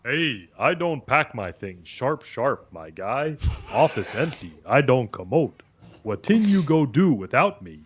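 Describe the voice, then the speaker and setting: A man's voice: medium pitch, measured pace, husky. A text-to-speech male voice playing a cocky, stubborn AI chatbot. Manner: argumentative, corrects others flatly. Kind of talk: voice assistant banter.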